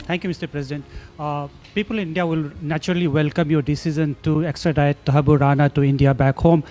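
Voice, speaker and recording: A male reporter asking a long question at a press event, halting with restarts. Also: on the high side, steady tone, darkish tone, soft background music.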